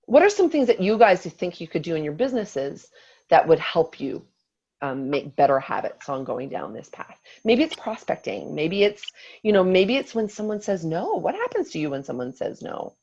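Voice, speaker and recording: A woman in her forties telling a lively personal story in a motivational talk to her team, acting out what she said. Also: lowish voice, moderate pace, husky, dull audio. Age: 40s. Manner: animated storytelling, acts out quotes.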